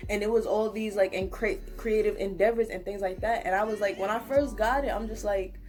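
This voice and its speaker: A woman's voice: mid-range voice, fairly even intonation, fairly quick, a little mellow, faint music behind. A young woman giving a casual, rambling pick-a-card tarot reading to camera, talking earnestly and reassuringly. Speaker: tarot reader.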